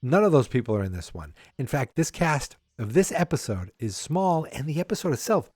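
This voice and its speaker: A man's voice: mid-range voice, sing-song, brisk, darkish tone, dry recording, studio quality. A man hosting a podcast, casually recapping a sitcom episode in a rambling, chatty way with wry asides. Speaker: podcast host.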